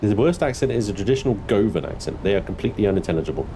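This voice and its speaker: A low, mellow-voiced young man from Britain chats with his livestream viewers while he plays, and his pitch swings a lot as he jokes and swears. Faint background noise sits under the voice. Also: very animated, racing. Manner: chatty, swearing, laughing, mock-indignant high squeals. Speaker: gaming livestreamer. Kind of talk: casual livestream chat with viewers.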